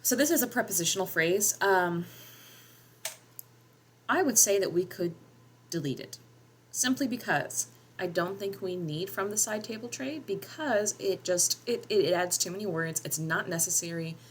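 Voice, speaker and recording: This Southern woman, a writer who teaches editing, speaks at a moderate pace in a low, expressive voice as she casually thinks aloud about editing a short story, full of ums. Her accent is North Georgia Appalachian, and a bit of hiss or hum sits under the recording.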